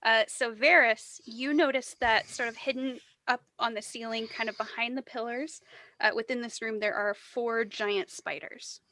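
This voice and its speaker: Bright-voiced woman game master. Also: a little high, steady tone, normal speed, no echo. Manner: descriptive, hesitant with many fillers. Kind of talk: narrating a tabletop game.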